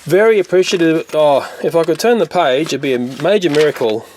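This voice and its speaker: A man's voice: a little high, brisk, very noisy. A man, coughing and unwell, giving jokey, casual toy unboxing commentary. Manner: jokey, trails off into "blah blah". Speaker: toy reviewer. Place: home room with toys.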